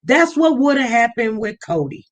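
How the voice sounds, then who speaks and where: A woman hosting a casual live-stream chat, talking freely and animated. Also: fairly high pitch, normal speed.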